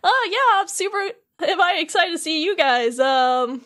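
A woman doing a breezy, high teenage boy hero. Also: animated, unhurried, fairly bright tone. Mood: chipper.

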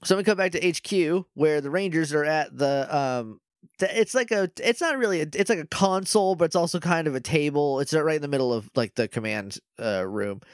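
A man's voice: a little high, fairly quick, no echo, clean studio sound. A man co-hosting a podcast, casually and animatedly retelling a TV episode and acting out the characters' lines. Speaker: podcast co-host. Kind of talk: casual chat recapping a TV episode.

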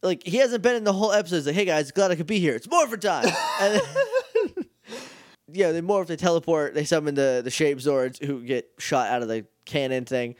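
A man's voice: fairly high pitch, big pitch swings, moderate pace, no echo, clean studio sound. A man co-hosting a casual podcast, recapping an episode in a chatty, jokey way and acting out lines. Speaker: podcast co-host.

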